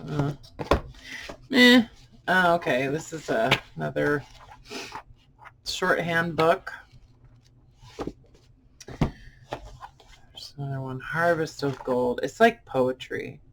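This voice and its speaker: A soft-spoken vlogger muses aloud at a leisurely pace, with a gravelly, creaky edge to the voice. It is recorded at home with a clear layer of background noise. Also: mid-range voice, lively intonation, takes it slowly, long pauses. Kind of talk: casual unboxing chat. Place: indoors at home sorting book boxes.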